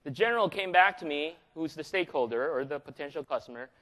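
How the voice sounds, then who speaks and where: Lively, joking male presenter from the Philippines. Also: fairly high pitch, fast. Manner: energetic and joking, keeps asking the audience questions. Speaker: conference presenter. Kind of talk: live conference presentation. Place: large conference hall. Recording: long reverb of a large hall.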